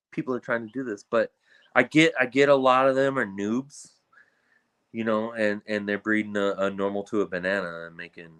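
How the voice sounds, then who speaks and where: Podcast guest: a man with a low-pitched voice, breeder talk, exasperated and blunt, lots of restarts. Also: fairly bright tone. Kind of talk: casual podcast conversation.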